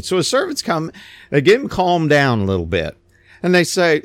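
A man preaching a sermon, retelling a scripture story in plain everyday words with animated storytelling. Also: fairly high pitch, brisk, no echo.

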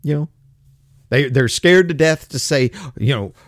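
A man's voice: mid-range voice, expressive, a little slow, no echo, studio quality. A man ranting in opinion commentary, blunt, profane and sarcastic.

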